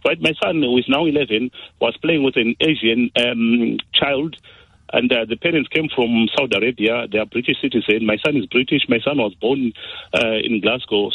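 A man's voice: mid-range voice, normal speed, fairly bright tone, breathy edge, no room sound. A nervous, upset man calling into a radio phone-in, hesitant and full of fillers and restarts, his voice shaky. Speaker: caller. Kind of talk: phone-in call. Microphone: phone call. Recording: muffled phone line.

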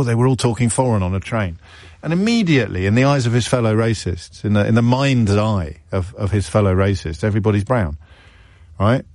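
A man's voice: lowish voice, darkish tone, no room sound, clean studio sound. A man hosting a radio phone-in, sarcastic and mocking in his commentary.

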